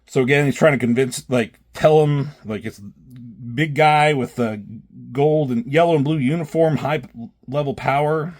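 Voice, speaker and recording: A man reviews comic books in a loose, rambling, profane way, swearing freely and full of fillers and self-corrections. His voice is mid-range and unhurried.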